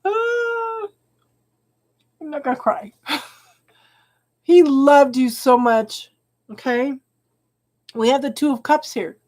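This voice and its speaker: Slow-talking woman doing live tarot readings. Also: sits high. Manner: chatty, warm-hearted, calls viewers hon. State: tearful, emotional. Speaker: tarot reader.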